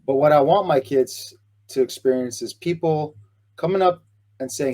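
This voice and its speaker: A man's voice: fairly high pitch, normal speed, mellow. A man hosting a podcast, speaking in an earnest, reflective, heartfelt way in casual conversation. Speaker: podcast host.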